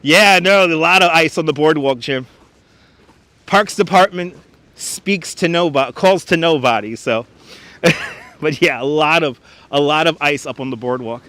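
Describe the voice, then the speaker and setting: His voice is a little high and a bit bright, and he doesn't hurry. The man is hosting a casual outdoor live stream on a frozen beach through a wireless clip-on mic, chatting away, reading viewer comments, and greeting people by name.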